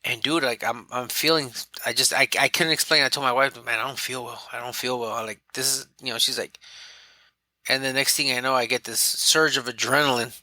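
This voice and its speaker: This man's voice is medium-pitched and slightly quick, recorded dry. As a podcast guest he candidly recounts his own experiences in a relaxed way, animatedly voicing his own words and those of others.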